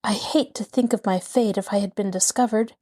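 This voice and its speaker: A woman's voice: mid-range voice, fairly even intonation, brisk, mellow, close to an everyday voice. A woman voicing a frightened but plucky teenage girl detective in an audiobook, her voice raised and breathless. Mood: relieved. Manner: frantic, breathless inner voice. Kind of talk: audiobook character voice.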